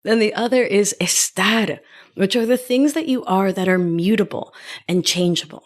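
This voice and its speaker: A woman from Argentina whose first language is Spanish, hosting a reflective wellness podcast in a gentle, unhurried way and sometimes dropping to a whisper for emphasis. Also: mid-range voice. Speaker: podcast host and life coach.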